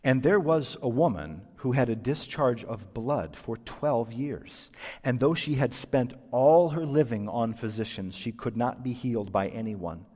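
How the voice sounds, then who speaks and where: A man pastor preaching a sermon who tells stories in an animated, emphatic way. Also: mid-range voice, measured pace. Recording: long church reverb.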